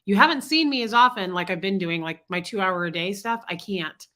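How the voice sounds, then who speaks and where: Livestream host, woman, bright voice thickened by congestion, chatty and greeting viewers by name. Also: medium pitch, fairly quick. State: congested, sick voice. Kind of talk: casual livestream chat reading comments.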